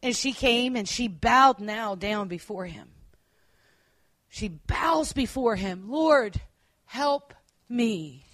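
A woman preacher giving a sermon, earnest, at times dropping to quiet emphasis and correcting herself as she goes. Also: medium pitch, lively intonation, slow, dry recording.

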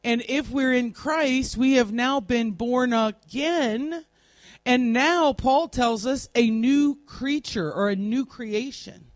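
A woman teaching a Bible class in a classroom, deliberately spelling out word meanings one at a time while she writes on a board. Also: fairly high pitch, no echo.

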